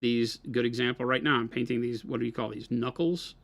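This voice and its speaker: A man's voice: medium pitch, fairly even intonation, a little fast, gravelly, a bit bright, no room sound. Dry-sounding man explaining painting. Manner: explains patiently, asks "right?" often. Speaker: co-host and painter on a hobby live stream. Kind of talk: casual live-stream chat and painting tips.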